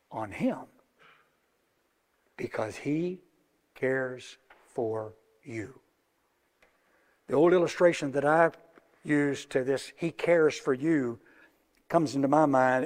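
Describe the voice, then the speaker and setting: A middle-aged man preaching a sermon, moving between hushed, slow words and loud, emphatic passages. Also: fairly high pitch. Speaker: pastor. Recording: long reverb of a large hall.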